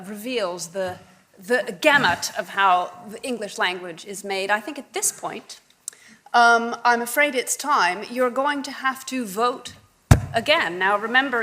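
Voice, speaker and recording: A woman moderating a public debate, giving measured instructions to the audience. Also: a little high, bright, forceful tone, slight background noise.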